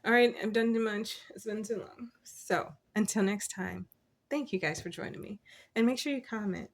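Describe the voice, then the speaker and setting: Woman, tarot reader, casual chatty reading, encouraging, gravelly voice, mid pitch. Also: normal speed. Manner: encouraging, chatty, laughs often; quotes scripture.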